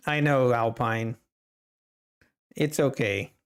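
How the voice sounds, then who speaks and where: A man's voice: medium pitch, slow pace, smooth. A man hosting a live trading stream, chatting casually with viewers and laughing often. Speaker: livestream trading host.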